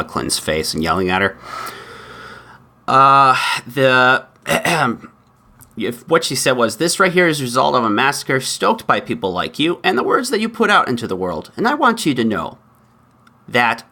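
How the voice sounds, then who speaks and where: Guy hosting his podcast, snarky, mid-pitched voice, lots of sarcastic asides. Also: sharp tone. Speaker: podcast host. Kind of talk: opinionated podcast monologue.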